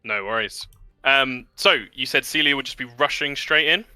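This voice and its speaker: A man narrating a tabletop game as game master, relaxed with many fillers. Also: medium pitch, normal speed, clean tone, dry recording, faint music behind.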